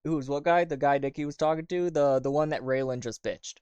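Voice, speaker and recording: Man game master, casual, rambling, smooth clear voice, dry close sound. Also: a little high, a little fast, darkish tone, dry recording, muffled recording. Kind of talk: running a tabletop game.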